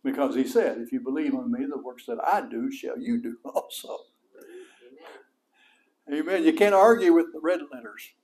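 A middle-aged man with a West Texas accent preaching a sermon as pastor, folksy and animated, his voice rising high for emphasis. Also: moderate pace.

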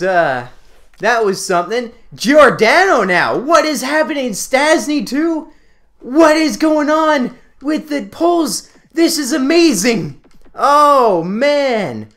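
A young man, giving excitable pack-opening commentary over a hockey video game. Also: very high voice. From Canada. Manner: excitable, yelps and laughs at pulls. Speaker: gaming video creator.

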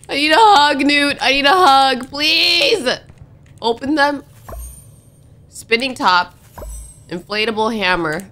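Playing a horror game for her channel, this young woman YouTuber uses casual slang and gets jumpy and dramatic, begging when frightened and yelling at jump scares. She speaks high and expressively, at a slow pace with frequent pauses.

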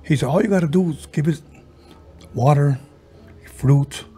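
Mellow-voiced man telling a ghost story. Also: on the high side, soft background music. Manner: retells a story, slipping into quoted voices; halting, with frequent restarts and fillers. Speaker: podcast host. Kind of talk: casual paranormal storytelling.

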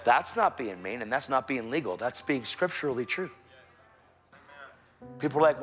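Texan male preacher, lively storyteller, mid-pitched voice, soft music underneath. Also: normal speed, pauses often. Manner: animated storytelling with quoted voices. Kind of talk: sermon. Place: church sanctuary.

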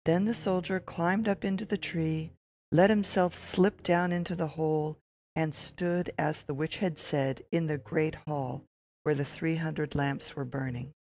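A narrator reading a classic fairy tale aloud at a measured storytelling pace. The voice sits at a middling pitch with a gravelly edge, now and then breaking into a lively exclamation. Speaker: audiobook narrator.

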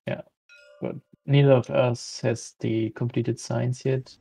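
A man's voice: mid-range voice, flat delivery, takes it slowly, creaky, mellow, slightly rough, no echo, soft background music, poor audio. A man playing a board game, thinking aloud and explaining the rules to his opponent. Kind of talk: casual board game chat.

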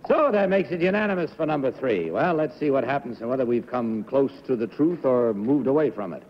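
A man hosting a game show, calling the vote in a smooth, formal way. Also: medium pitch, lively intonation, fairly quick, slight background noise. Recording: dull 1960s TV recording in a reverberant studio.

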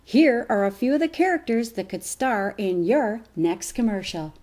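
A woman's voice: on the high side, moderate pace. A woman voice actor playfully presenting her voice reel. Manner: playful, lively.

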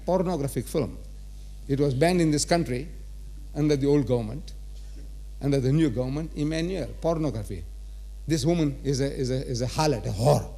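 Male lecturer, teasing and rhetorical with a live crowd, voice pitched a bit high. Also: darkish tone. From South Africa. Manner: rhetorical, quizzes and teases the audience. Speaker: religious lecturer. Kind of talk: religious lecture to a live audience. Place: large auditorium.

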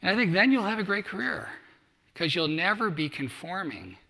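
A man's voice: sits high, big pitch swings, normal speed, sharp tone. A middle-aged man giving a motivational speech to student athletes, telling stories and acting out quoted dialogue. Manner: storytelling, acts out quoted dialogue. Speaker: keynote speaker. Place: large hall at a summit. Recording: echoey hall.

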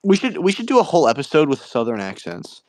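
A young man co-hosting a podcast, trading blunt, deadpan quips in crude casual banter. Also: a little high, quick pace, no echo. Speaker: podcast co-host.

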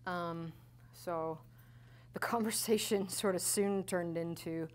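A woman worship leader in her thirties giving a candid, animated teaching talk at a church conference. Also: on the low side, slow pace. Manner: candid, animated storytelling with laughs.

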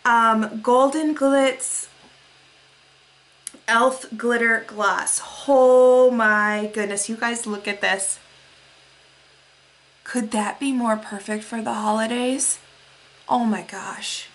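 Gushing, excitable young woman vlogger. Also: fairly high pitch, slow pace, long pauses. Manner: gushing, breathless exclamations, gasps. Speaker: beauty vlogger. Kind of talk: excited mail unboxing.

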